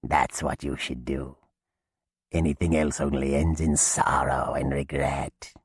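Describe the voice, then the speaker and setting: Guy doing a croaky dead old witch, super deep husky voice, drags every word out, creepy storybook hag. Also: flat delivery, no echo, clean studio sound, exaggerated voice. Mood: menacing, hungry. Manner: slow, drawling, menacing rustic speech. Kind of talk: audiobook character voice.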